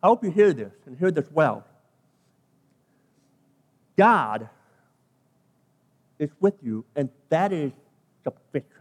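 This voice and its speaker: A man's voice: a little high, big pitch swings, takes it slowly, pauses often, in a large hall. A British man, a pastor, preaching a sermon, emphatic and stressing key phrases by repeating and stretching them.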